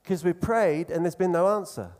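Earnest preacher, man, fairly high voice. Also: a little mellow. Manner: earnest, conversational preaching with emphatic slow phrases. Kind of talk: sermon.

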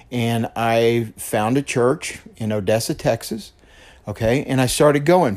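A man's voice: mid-range voice, darkish tone. A man hosting his own podcast, telling a personal story in an earnest, repetitive way and often checking in with the listener. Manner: earnest, repeats himself, checks in with "okay?". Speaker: podcast host. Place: lives in West Texas.

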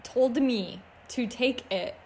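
A woman co-hosting a casual podcast. She speaks at an unhurried, slow pace and teases herself, breaking into laughter often. Faint background noise sits under her voice. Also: a little high, a little mellow. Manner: laughs often, playful and self-mocking. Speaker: podcast co-host. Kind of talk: casual chat.

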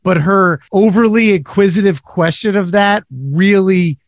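High-voiced man, dry close mic. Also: measured pace, no echo. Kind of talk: casual movie discussion.

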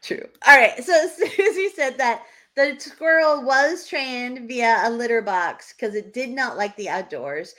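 A woman's voice: on the high side, a little slow. A woman from New Hampshire co-hosting a podcast, telling stories in casual chat and laughing often. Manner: lively storyteller who laughs often. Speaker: podcast co-host.

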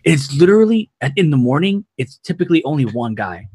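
Husky-voiced man in casual chat. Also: a little high, sing-song, a little fast, a little mellow, no room sound.

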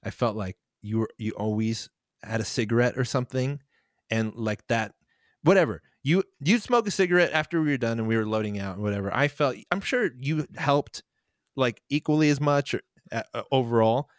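A man's voice: mid-range voice, a little fast, no room sound, clean studio sound. A young man casually telling a rambling road story, full of fillers and laughing as he goes.

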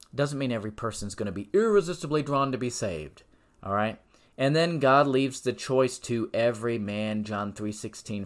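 Emphatic male podcast preacher. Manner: emphatic, swinging between loud insistence and low quiet stress; reads scripture in slower measured cadence. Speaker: podcast host and Bible teacher. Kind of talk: preaching Bible teaching.

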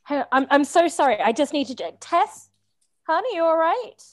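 Actress for a bright-voiced, crying-prone ex turned defiant, lively pitch. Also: female voice, moderate pace. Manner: animated, lilting, prone to crying. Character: tearful, newly empowered woman, Michael's ex. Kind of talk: improvised comedy scene.

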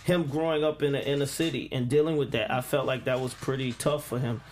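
A man in his forties, a guest in a studio interview, talking in a loose, relaxed way with plenty of fillers and restarts. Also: medium pitch, a little fast, a little hiss or hum. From United States. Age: 40s. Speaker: interview guest, music producer. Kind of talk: casual interview chat. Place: radio studio.

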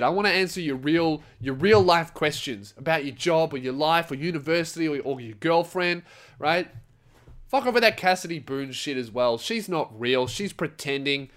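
A young comedian with a slightly high voice hosts a casual solo podcast, talking straight to his listeners in a loose, rambling monologue at normal speed. He swears constantly and jumps between anecdotes and advice with animated comic energy.

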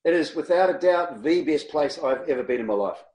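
Lively New man in a roomy space. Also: fairly high pitch, brisk. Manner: animated, laughs often, acts out people in his stories. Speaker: guest, long-distance cyclist. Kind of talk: casual storytelling interview. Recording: roomy echo.

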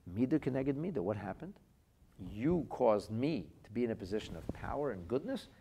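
A man's voice: mid-range voice, big pitch swings, moderate pace, gravelly, mellow, slightly rough. A man teaching a Torah class as a rabbi, reading phrases from classic texts aloud and translating them into plain speech. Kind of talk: lively text-based Torah lesson.

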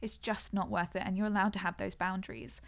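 Reflective woman with a creaky voice. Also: mid-range voice, level tone, quick pace. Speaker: podcast co-host. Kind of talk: casual chat.

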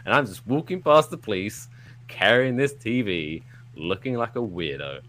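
A man hosting a live podcast, telling a rambling story in a playful, animated way, throwing in silly sound effects. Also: on the low side, normal speed. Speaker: podcast host. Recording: live show with audience.

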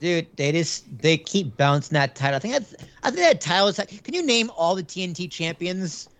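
A young man with a slightly high voice, chatting casually on a podcast. He drops in dry, joking asides. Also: expressive, a little fast, fairly bright tone. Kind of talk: casual chat.

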